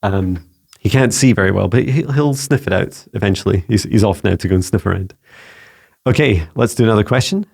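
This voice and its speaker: Low gravelly Scottish man, gentle and halting. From Scotland. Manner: gentle and soothing, halting with frequent repeated words. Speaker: spiritual mentor answering viewer questions. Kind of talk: casual spoken Q&A video.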